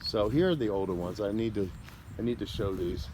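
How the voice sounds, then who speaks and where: A man's voice: lowish voice, animated, noisy background. Rambling man touring a cemetery. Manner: rambling, halting over names. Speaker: cemetery tour vlogger. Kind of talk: casual walking commentary. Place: outdoor cemetery.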